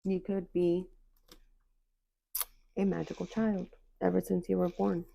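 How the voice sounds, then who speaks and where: A woman's voice: on the low side, level tone, unhurried, vocal fry, dark tone, muffled recording. A woman giving a spiritual oracle card reading to her viewers, reassuring and encouraging in a casual, slangy way, often repeating phrases.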